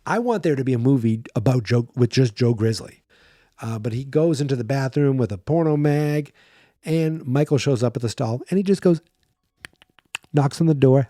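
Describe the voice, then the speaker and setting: A man hosting a horror movie podcast, recapping a film in a chatty, animated way and slipping into quick voices for the characters. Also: mid-range voice, dry recording, clean studio sound.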